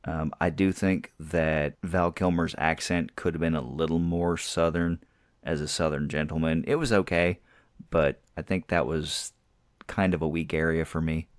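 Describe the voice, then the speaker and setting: A man's voice: extremely low pitch, steady tone, normal speed, no echo, clean studio sound. A man co-hosting a podcast, chatting casually about films and laughing easily. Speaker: podcast co-host. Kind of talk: casual movie review chat.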